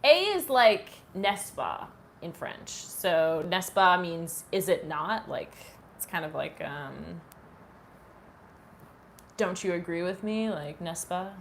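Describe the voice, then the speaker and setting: Woman with a mild Canadian accent, a touch low-voiced, giggly and self-mocking, as a livestream host chatting with her viewers, faint noise behind her. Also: slow pace, creaky. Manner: giggly, self-deprecating, laughs often. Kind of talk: casual live chat reading viewer messages.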